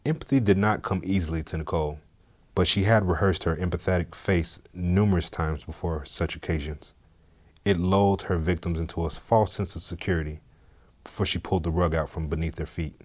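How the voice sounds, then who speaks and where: A man narrating a story in a steady, measured, scripted way. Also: deep voice.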